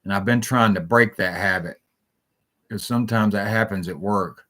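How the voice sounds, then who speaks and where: A man's voice: lowish voice, normal speed, pushed and bright. A man hosting a solo talk show, rambling and jumping between stories, swearing freely.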